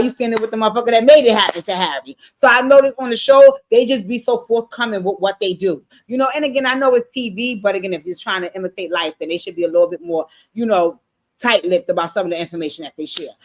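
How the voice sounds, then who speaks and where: A woman giving a casual recap of a TV episode, animated and blunt, swearing freely and talking straight to her viewers. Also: medium pitch, fast. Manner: animated, blunt and profane, addressing viewers directly. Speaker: TV show recap streamer. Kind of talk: casual show recap commentary.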